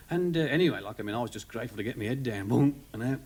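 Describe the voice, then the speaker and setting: A stand-up comedian with a Birmingham accent rattles through a rambling, chatty story packed with asides, his mid-range voice expressive and very fast. He's performing in a 1970s TV studio before a live audience, with laughter and heavy background noise in the recording.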